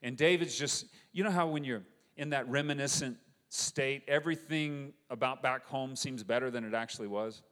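A man preaching a sermon, retelling a story with animated, conversational energy and acting out the quoted voices. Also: medium pitch, normal speed. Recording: long hall reverb.

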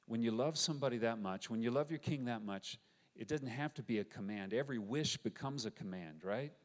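A man preaching a sermon, retelling a story with animated, conversational energy and acting out the quoted voices. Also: mid-range voice, fairly quick. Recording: long hall reverb.

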